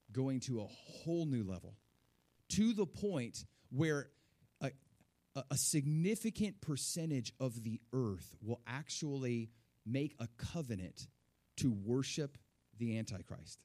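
A middle-aged man preaching a sermon to his church, animated, with rising emphasis and repeated words. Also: mid-range voice, measured pace. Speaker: pastor.

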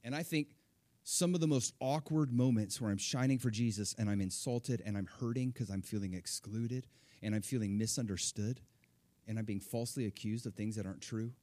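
A middle-aged man preaching, telling a personal story with animated, acted-out quotes. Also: on the low side, fairly quick, no echo. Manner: animated, acts out quoted voices. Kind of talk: sermon storytelling.

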